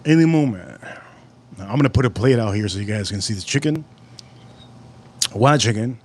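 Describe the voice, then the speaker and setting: A man hosting a live stream outdoors at a barbecue, chatting casually and rambling through animated stories. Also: fairly low pitch, moderate pace.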